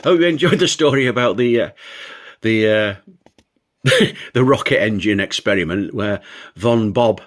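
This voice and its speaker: A man's voice: on the low side, unhurried, long pauses. An older man, a show host, telling a childhood story and laughing as he goes. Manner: amused, laughs between lines.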